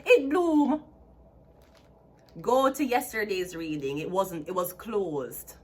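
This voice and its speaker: A woman with a Jamaican accent giving a chatty tarot card reading, excitable and repeating herself. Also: medium pitch, slow. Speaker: tarot reader. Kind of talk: casual tarot reading to camera.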